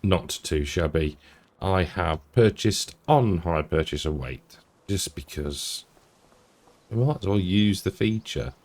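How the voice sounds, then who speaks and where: A man's voice: deep voice, lively intonation, slow, a little mellow. A man giving casual, rambling commentary while playing a farming game, often chuckling to himself. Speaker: gaming YouTuber.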